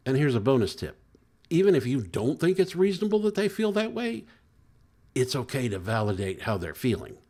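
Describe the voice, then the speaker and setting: Middle-aged therapist guy giving advice, voice bounces all over, acts out little dialogues. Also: on the low side. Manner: animated, acts out quoted dialogue. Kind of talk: advice talk to camera.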